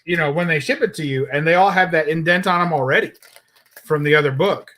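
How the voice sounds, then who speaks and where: Man, host, casual chat, agreeable, quick interjections, a bit high-pitched. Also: sharp tone.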